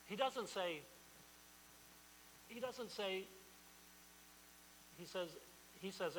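A man's voice: high voice, very animated, slow pace, pauses often, a bit bright, slight background noise. Emphatic preaching man in an echoey hall. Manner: repetitive, emphatic preaching with restarts. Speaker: pastor. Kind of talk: sermon.

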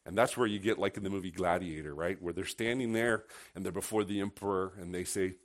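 Quick-paced and deep-voiced, a male pastor gives a conversational sermon. He questions the congregation directly and shifts between hushed remarks and loud, sarcastic ones.

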